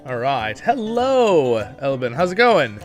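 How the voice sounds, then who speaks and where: A man's voice: a little high, very animated, takes it slowly, soft background music. A man hosting a casual livestream, chatty and upbeat, greeting viewers by name and laughing often, with a bit of a morning voice. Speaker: livestream host.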